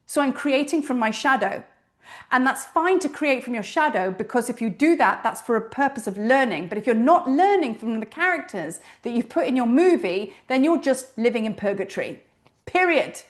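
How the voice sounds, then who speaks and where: High-voiced woman teaching, frank. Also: normal speed. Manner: animated storytelling, frank, swears casually. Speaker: spiritual teacher and priestess. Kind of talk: informal spiritual teaching talk.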